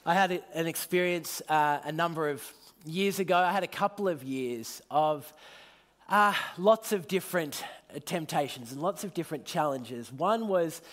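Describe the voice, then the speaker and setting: Earnest man preaching, slightly high voice. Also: moderate pace. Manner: earnest storytelling, drops low and quiet on solemn lines. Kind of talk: sermon.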